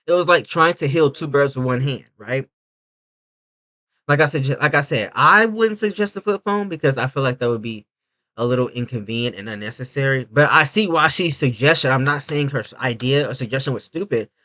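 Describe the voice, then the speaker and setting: A man giving casual reaction commentary, animated, swinging from loud outbursts to low mutters. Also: brisk. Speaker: reaction video creator.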